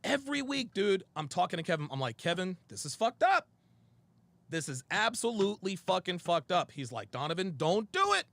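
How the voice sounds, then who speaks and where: A man hosts his own show, telling a story with heated, profane emphasis and quoting both himself and a friend. His voice sits fairly high with a gravelly edge. The sound is dry and close to the mic. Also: big pitch swings, normal speed, a bit bright, dry recording. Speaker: show host. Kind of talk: heated monologue. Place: studio.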